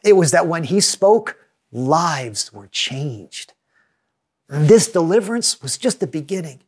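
Man, pastor, sermon, measured earnest delivery, slightly higher voice. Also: lively intonation. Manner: measured, earnest preaching with reading aloud from scripture.

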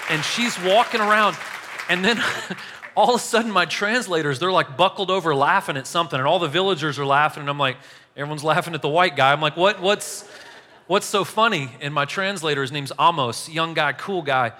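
Casual storytelling pastor, man, bright tone, somewhat high voice, long hall echo. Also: fairly quick, a faint crowd, a little hiss or hum. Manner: casual, animated, laughs while telling stories. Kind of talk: sermon storytelling. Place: church hall. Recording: echoey hall.

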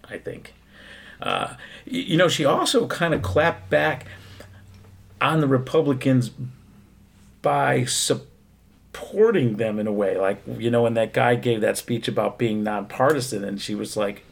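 Gravelly, husky-voiced man in casual chat. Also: mid-range voice, lively intonation, measured pace. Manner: hesitant, many fillers and restarts.

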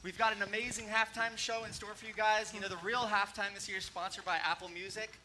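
A man's voice: high voice, flat delivery, fast, crowd noise. A man hosting and refereeing a church contest with jokey, sports-announcer banter. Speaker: event host and referee. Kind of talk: playful emcee banter. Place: church stage. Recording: noisy live church event.

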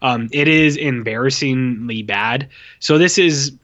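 A man co-hosting a podcast, casually reviewing a film with a lot of swearing and flat mocking quotes of its dialogue. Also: medium pitch, takes it slowly, lo-fi sound. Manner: profane, exasperated, mocks lines in flat voices. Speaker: podcast co-host. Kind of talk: casual movie review chat.

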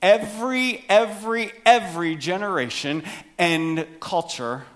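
Man, middle-aged, pastor's sermon, high-pitched, animated, plays out quotes in voices. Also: a little slow. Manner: animated, acts out voices for emphasis.

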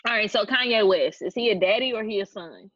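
A woman's voice: mid-range voice, a little fast, a bit bright, dry recording. A woman co-hosting a podcast in casual chat, blunt and ranting, swearing freely. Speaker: podcast co-host. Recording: dull lo-fi audio.

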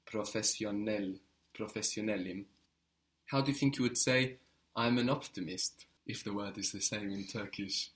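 A man's voice: on the low side, normal speed, fairly bright tone. A man teaching a language lesson, patiently modeling words and encouraging the learner.

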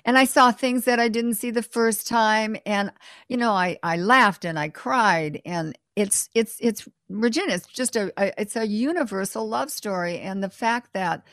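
A woman's voice: medium pitch, normal speed, a bit bright, no room sound, studio quality. A woman hosting a TV interview, talking with frequent restarts and fillers. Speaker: TV show host. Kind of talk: conversational interview.

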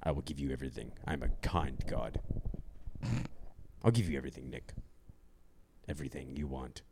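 A man voicing a deep, soft-spoken, menacing male god-king who speaks slowly and grandly. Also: steady tone, gravelly, a little hiss or hum. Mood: silky menace. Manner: low and hushed, slow and grand.

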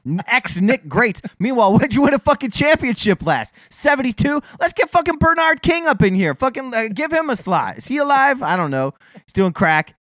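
A man's voice: extremely high pitch, big pitch swings, fairly quick, fairly bright tone, no echo, clean studio sound. A man co-hosting a casual chat, ranting heatedly with constant swearing.

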